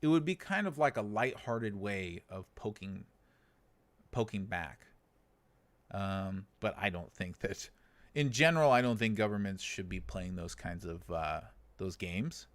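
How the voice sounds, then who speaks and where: A man's voice: lowish voice, expressive, measured pace, dry recording. An American man in his thirties living in China, hosting a casual livestream, reading viewer comments with dry, sarcastic humor and chuckles. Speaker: livestream host.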